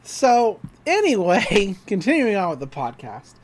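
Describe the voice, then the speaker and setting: Animated woman recapping an episode. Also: mid-range voice, a little slow, slight background noise. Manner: animated retelling with acted-out quotes and laughs. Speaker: podcast co-host. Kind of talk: casual episode recap chat.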